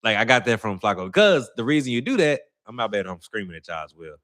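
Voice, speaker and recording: Rambling St. guy, low voice. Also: sing-song, fast talker, a bit bright. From St. Louis, Missouri. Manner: rambling, slangy, self-correcting. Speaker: channel host. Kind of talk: casual livestream chat.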